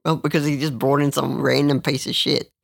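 Gravelly young man telling stories. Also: a little high, level tone, fairly quick, a bit bright, no room sound. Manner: rambling, crude, with lots of restarts. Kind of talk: casual storytelling chat.

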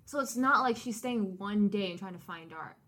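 A young woman in casual chat, calmly correcting details about the story. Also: medium pitch, normal speed, a crowd in the background. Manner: matter-of-fact, corrects others on details.

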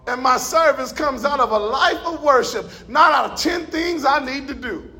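A middle-aged male pastor preaching a sermon in a church, emphatic and folksy, now and then shouting a stressed word. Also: very high voice, lively intonation, normal speed. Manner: folksy asides to the congregation.

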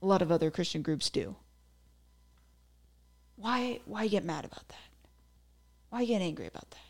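A woman's voice: lowish voice, lively intonation, moderate pace, darkish tone. A young woman hosting her own podcast, talking casually on her own, full of "like" fillers and giggly asides. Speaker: podcast host. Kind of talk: casual solo podcast chat.

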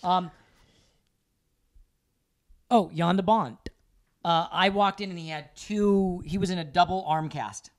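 A man's voice: high voice, a little slow, long pauses. A man in casual chat, telling funny stories with lots of laughter and put-on voices. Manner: animated storyteller, laughing often and putting on voices.

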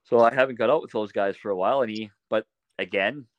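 Low-voiced man telling lively hunting stories. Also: fast talker, dry recording, muffled recording. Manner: animated anecdotes, laughs often. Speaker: podcast guest. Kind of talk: casual storytelling.

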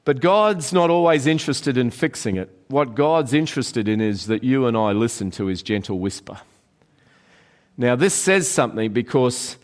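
A middle-aged man preaching a sermon, earnest, slowing and softening his voice on key phrases. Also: medium pitch. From Australia. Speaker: pastor.

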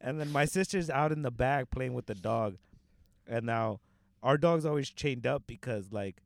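A man's voice: mid-range voice, normal speed, vocal fry, no room sound. A young man from Southern California tells a long story in loose, casual chat. He swears freely and leans on fillers constantly. The recording is dry and close. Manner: rambling, profane, filler-heavy storytelling.

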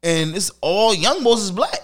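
A man telling stories in casual chat, profane and animated. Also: high voice, a little slow. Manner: animated, profane street slang, acts out quotes.

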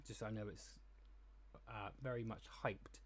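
A man's voice: fairly low pitch, fairly even intonation, a little slow. A man co-hosting a casual podcast, reluctant and self-deprecating as he reads a synopsis aloud. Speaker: podcast co-host. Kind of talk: casual chat, reading aloud.

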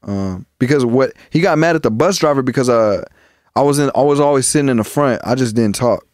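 A man's voice: medium pitch, fairly quick, a little mellow, dry recording, clean studio sound. A young man co-hosting a podcast, telling long profane stories from childhood in a rambling, casual way. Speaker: podcast co-host. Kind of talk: casual chat.

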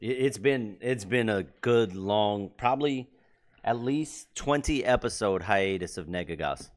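A man's voice: on the low side, expressive, a little slow. A man hosting a casual podcast, giving loose hype-man introductions and joking with his friends while he eats. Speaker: podcast host. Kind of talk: casual chat.

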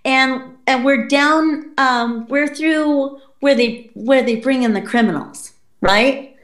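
A woman speaking a little higher than most, recounting a story to a podcast host with blunt, unfiltered bluntness and plenty of swearing. Her voice carries a roomy echo from the space around her. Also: takes it slowly. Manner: blunt and profane, quoting people in lively put-on voices. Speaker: podcast guest. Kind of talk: casual storytelling.

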